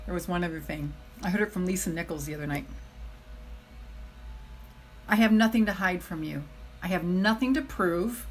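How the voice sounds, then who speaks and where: Middle-aged woman, self-love coach, middle-pitched voice, earnest and chatty live talk that repeats its points. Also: low-quality recording. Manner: earnest, emphatic, repeats key phrases; chatty, addresses viewers as "you guys". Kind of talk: live motivational talk to viewers.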